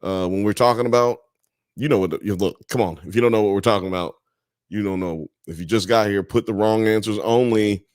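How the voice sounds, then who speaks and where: A man's voice: lowish voice, fairly quick, a little mellow, clean tone, no room sound, clean studio sound. A man from the US South and Midwest hosting a live show, casually reading chat comments aloud and riffing on them. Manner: laid-back, reads chat comments aloud and riffs on them.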